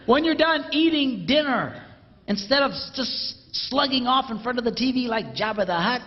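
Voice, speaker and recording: A man giving a humorous live talk to an audience, playful and animated. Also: extremely high pitch, moderate pace, slight background noise. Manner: playful and animated, mimics a bell sound. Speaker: speaker addressing an audience. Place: large hall with a live audience. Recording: dull, roomy hall recording.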